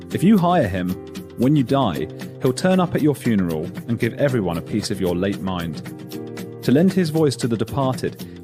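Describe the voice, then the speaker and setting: A man hosting a podcast, chatty and self-mocking, reading an intro and then interviewing a guest. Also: fairly low pitch. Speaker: podcast host.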